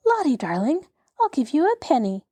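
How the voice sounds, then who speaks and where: A woman's voice: sits high, big pitch swings, normal speed, mellow, no room sound, voice pushed up. A woman voicing an anxious schoolgirl who coaxes and worries in a slightly raised voice. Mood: coaxing. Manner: coaxing, worried.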